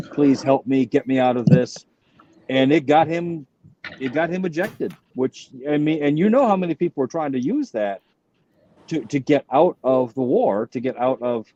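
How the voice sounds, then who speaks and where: Older male comic with a warm, mellow voice, a dry, muffled recording, and a meandering delivery. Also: mid-range voice, no echo. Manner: rambling, halting retelling with many restarts. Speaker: stand-up comic guest. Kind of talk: casual anecdotal chat. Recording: dull, muffled sound.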